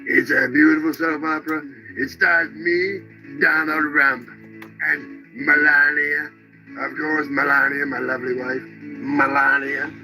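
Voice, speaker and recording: A man's voice: a little high, flat delivery, over music, poor audio. A man doing a bragging billionaire TV star. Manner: bragging, repeats superlatives, drawn-out words. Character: boastful billionaire TV-star man, self-praising. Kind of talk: parody ad for a fake soap opera.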